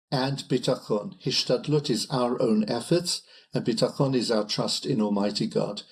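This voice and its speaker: An older man, a chief rabbi, guest on an interview podcast, telling stories in a measured way. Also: medium pitch. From United Kingdom. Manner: measured, storytelling delivery. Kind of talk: interview conversation.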